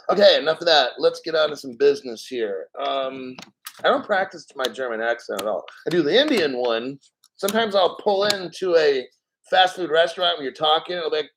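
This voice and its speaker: A man hosting a casual crypto livestream, reading chat aloud and rambling, swearing casually and often clearing his throat. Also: on the high side, expressive, fairly quick, fairly bright tone.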